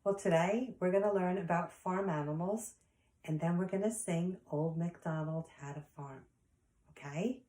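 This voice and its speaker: A woman's voice: lowish voice, moderate pace, mellow, roomy sound. A woman teacher leading an online lesson for young children, in a sing-song voice that acts out animal sounds. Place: home.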